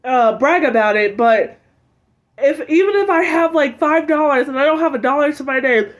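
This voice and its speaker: A woman's voice: high voice, expressive, moderate pace. A woman in her twenties sharing an emotional personal story, heartfelt and full of "like" and "um". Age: 20s. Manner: heartfelt, fills speech with "like" and "um".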